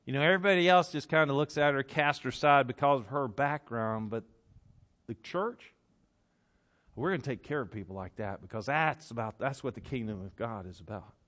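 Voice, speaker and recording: A man preaching a sermon, telling the story dramatically and acting out the crowd's reactions, swinging between loud bursts and hushed passages. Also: medium pitch, fairly quick. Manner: animated, acts out crowd reactions.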